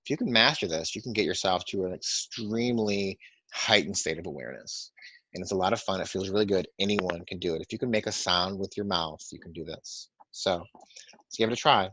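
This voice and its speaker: A man teaching a breathing and toning meditation, guiding listeners calmly and counting breaths slowly in a soft voice. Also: low voice, no echo. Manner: calm, soft-spoken guidance, counting slowly. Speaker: meditation and sound healing teacher. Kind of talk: guided breathing and toning instruction. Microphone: webinar microphone. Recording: dry, muffled webinar audio.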